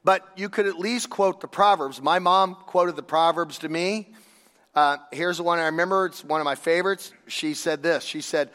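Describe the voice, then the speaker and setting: High-voiced man preaching in an echoey hall. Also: normal speed, a bit bright. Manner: conversational, emphatic, asks rhetorical questions. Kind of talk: sermon.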